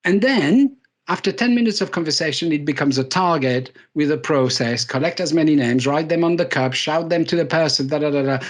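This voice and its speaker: Delivering a leadership keynote to a live audience, this man speaks a little fast at a fairly high pitch. His talk is full of stories told with self-deprecating humour, and he stresses key words by repeating them.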